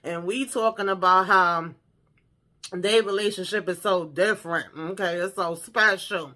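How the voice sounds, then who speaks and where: Woman, reality TV recap host, bright tense voice, animated, cussing, casual commentary. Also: on the low side, a little slow. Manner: animated, profane, exclamatory commentary.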